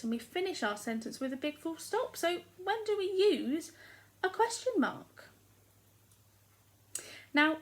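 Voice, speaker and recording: A young woman with an English accent teaches small children in a recorded lesson. Her voice sits high, and she explains slowly and clearly in an encouraging tone. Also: low-quality recording. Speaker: primary school teacher.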